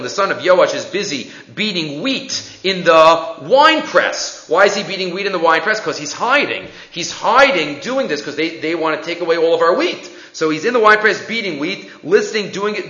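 A man tells a Bible story in an animated way, acting out its people in a bright, fairly high voice. The sound is dull and lo-fi, in an echoey room. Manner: animated storyteller, acts out quotes, with fillers. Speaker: religious teacher.

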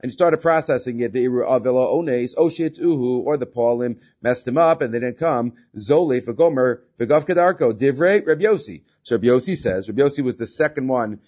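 A man's voice: mid-range voice, quick pace, few pauses, a little mellow. Man teaching a talmud class. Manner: explains step by step, often asking "right?"; mixes English with Hebrew and Aramaic terms. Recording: slightly dull lo-fi recording.

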